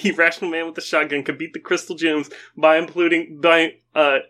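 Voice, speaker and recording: A man's voice: fairly high pitch, little pitch movement, pushed and bright. A young man on a podcast asking questions in casual chat. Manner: questioning, quick to laugh. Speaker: podcast co-host.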